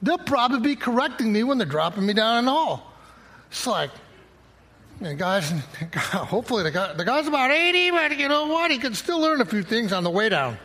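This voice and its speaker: A man's voice: sits high, big pitch swings, normal speed, fairly bright tone, breathy edge. A middle-aged man preaching a conversational sermon, quoting scripture and acting out little dialogues. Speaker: pastor.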